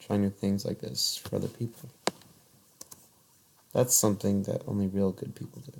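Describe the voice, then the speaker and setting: A man's voice: fairly low pitch, fairly even intonation, normal speed, vocal fry, noisy background. A man doing crude, joking commentary while reading a visual novel game aloud. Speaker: let's play commentator.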